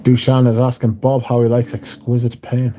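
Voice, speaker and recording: Mellow-voiced man chatting casually. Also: mid-range voice, completely flat delivery, normal speed, a little hiss or hum. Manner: laid-back, banters with viewers, casual swearing. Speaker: livestream host reading chat. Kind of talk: casual chat. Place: indoors at home.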